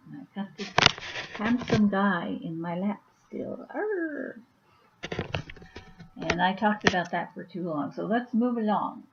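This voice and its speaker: A woman's voice: medium pitch, moderate pace, muffled recording, very noisy. A woman chatting casually on her vlog at home, rambling with many fillers. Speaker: YouTuber and author.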